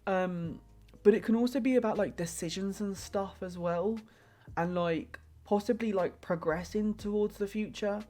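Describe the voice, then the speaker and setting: A woman's voice: medium pitch, normal speed, mellow, soft background music. A young woman live-streaming a tarot reading in casual chat, rambling and hesitant with many filler words.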